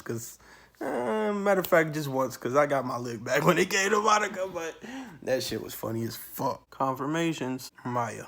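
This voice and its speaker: A man telling a profane, animated story from his childhood to camera, with sudden loud outbursts. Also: on the high side, normal speed, gravelly. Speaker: channel host. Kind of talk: storytime monologue.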